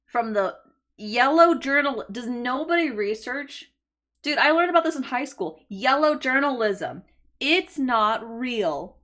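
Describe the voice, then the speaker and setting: A young adult woman streaming live, reacting excitedly and swearing casually as she talks to her chat. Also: sits high, unhurried.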